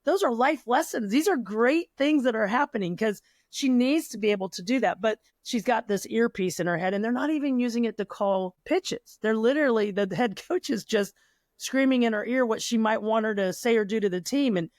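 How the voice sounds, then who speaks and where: A middle-aged woman hosting a podcast, a former pitcher and coach, telling rambling, lively stories with quoted dialogue in casual chat. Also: a little fast, no room sound, clean studio sound.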